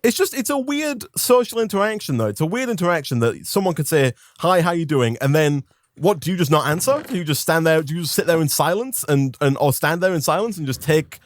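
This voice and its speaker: Lively ranting man. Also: a little high, brisk, slight background noise. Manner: animated, ranting, mock-outraged. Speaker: co-host. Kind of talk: casual banter.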